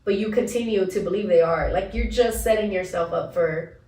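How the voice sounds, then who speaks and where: A woman co-hosting a casual podcast, telling stories with an animated lilt and frequent laughter. Her mid-range voice sounds set back from the mic in a roomy space that echoes. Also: mid-range voice, brisk, recorded from a distance. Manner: animated storyteller, laughs often. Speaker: podcast co-host. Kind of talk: casual chat.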